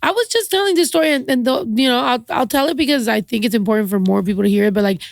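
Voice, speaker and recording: Woman guest on a podcast, gravelly voice a bit high, chatty and sympathetic, lots of "like". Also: racing, no room sound, clean studio sound. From Mexico. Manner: sympathetic, warm reactions, lots of fillers. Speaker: guest, musician. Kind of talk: casual chat.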